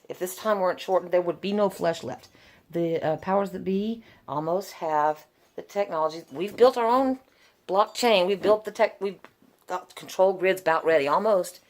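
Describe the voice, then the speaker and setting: A middle-aged woman, telling her personal story to camera in an earnest, emotional way, with sighs, laughs and restarts. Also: on the low side. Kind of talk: unscripted personal testimony to camera.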